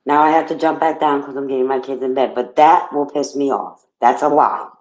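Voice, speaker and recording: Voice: medium pitch, steady tone, brisk, darkish tone. Firm guest speaker in an echoey room. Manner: firm, defensive. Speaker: livestream guest. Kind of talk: casual livestream chat.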